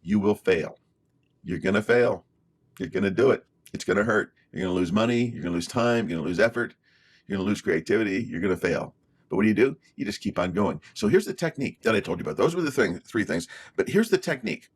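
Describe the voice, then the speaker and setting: A man's voice: lowish voice, lively intonation, fast, slightly rough. A man giving an emphatic motivational video talk, repeating his key phrases for emphasis. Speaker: motivational speaker.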